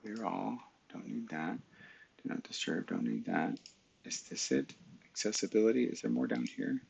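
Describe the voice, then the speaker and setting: A man's voice: lowish voice, moderate pace, vocal fry, darkish tone, slightly rough, lo-fi sound. A middle-aged man hosting a live stream, talking casually through his screen and muttering back at his computer, recorded on a webcam mic. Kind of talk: casual screen-share talk.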